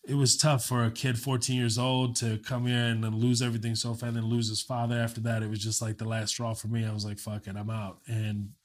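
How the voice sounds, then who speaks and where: A comedian guest, a man from Kuwait raised in Texas, telling a story in an animated, profane way. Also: medium pitch, a little fast, hardly any pauses. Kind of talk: casual storytelling.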